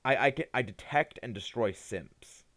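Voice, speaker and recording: A man's voice: mid-range voice, moderate pace, a bit bright. A tired young man chatting casually on a live game stream, rambling and hesitant, often restarting his sentences. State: tired, yawning.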